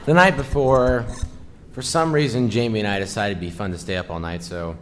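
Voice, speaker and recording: A man casually recounts an event, tired and a little hesitant. His voice sits slightly low. Faint noise is heard behind him. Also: fairly even intonation, brisk. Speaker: podcast guest. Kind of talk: casual recap.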